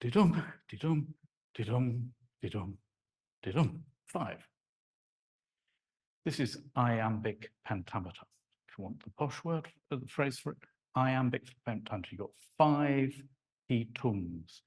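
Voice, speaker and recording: A man giving a live lecture on poetry to an audience, talking in an animated, conversational way and acting out sounds and rhythms. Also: mid-range voice, a little slow, long pauses, breathy edge. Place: lecture hall.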